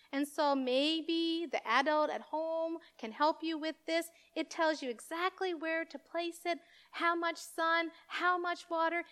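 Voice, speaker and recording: A woman giving a children's message in church, animated and speaking directly to children. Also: high-pitched. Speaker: children's minister.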